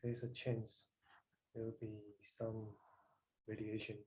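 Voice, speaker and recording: Halting male learner, mellow flat voice. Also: fairly low pitch, poor audio. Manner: halting, searching for words, many restarts. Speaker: adult English learner.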